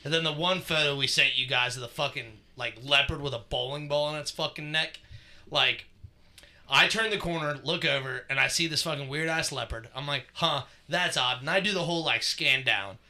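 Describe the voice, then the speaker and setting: A podcast co-host tells a story in casual chat, swearing freely and rambling with plenty of fillers. His voice is on the high side and bright, with a forceful tone, at normal speed.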